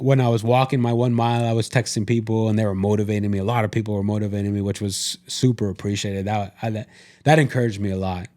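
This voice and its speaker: Low-ish and dark in tone, a man's voice carries a casual podcast conversation in which he, as co-host, retells an experience, full of quoted self-talk and restarted phrases.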